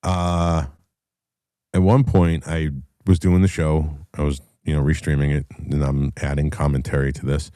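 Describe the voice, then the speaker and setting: A man with an extremely deep, dark voice tells a story to his audience in a blunt and profane way. His delivery is casual and animated, recorded dry and close with little room sound. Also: normal speed, no room sound. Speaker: podcast host.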